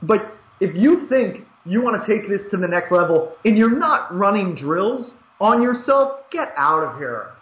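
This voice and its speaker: A man with a high voice hosts a poker podcast and coaches players as he talks. He is emphatic, repeats words as he gets going and plays out quick bits of dialogue. The audio is roomy and a little dull. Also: big pitch swings. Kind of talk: animated podcast chat.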